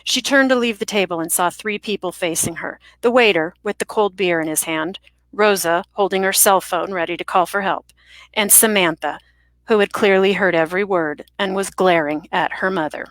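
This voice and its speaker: A woman's voice: mid-range voice, normal speed, fairly bright tone, no echo. A woman from Southern California, a guest romance author who chats casually, laughs often and restarts her sentences. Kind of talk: book reading and casual interview chat.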